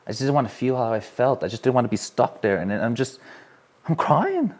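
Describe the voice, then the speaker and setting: A man's voice: mid-range voice, big pitch swings, a little fast, a little mellow. A man leading a live workshop, telling a candid personal story in an earnest way and putting questions to the people in the room. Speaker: workshop speaker. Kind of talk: live workshop talk to an audience. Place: room with a small live audience.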